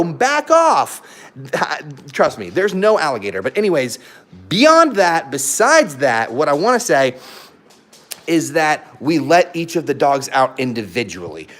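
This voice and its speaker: Young male vlogger, casual and animated, gets loud now and then, keeps stopping to scold his dogs. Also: on the high side. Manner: animated and loud at times, talks to his dogs mid-sentence. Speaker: vlogger, husky owner. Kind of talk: casual chat to camera.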